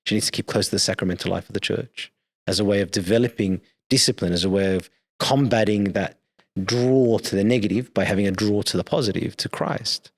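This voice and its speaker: Man, priest, podcast guest, gravelly, low-pitched, earnest. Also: fast. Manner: earnest, explanatory, uses "right?" as a check-in. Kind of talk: podcast discussion.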